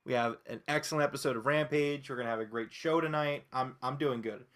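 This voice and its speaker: A man's voice: medium pitch, fast, fairly bright tone. A man co-hosting a wrestling podcast, blunt and opinionated, answering the chat. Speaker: podcast co-host.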